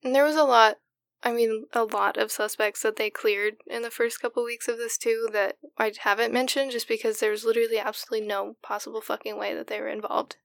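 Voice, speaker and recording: A woman's voice: fairly high pitch, level tone, fairly quick, vocal fry, no echo, studio quality. Insistent woman narrating a crime case. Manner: insistent, argumentative, swears casually. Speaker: podcast co-host narrating the case. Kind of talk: casual true-crime podcast chat.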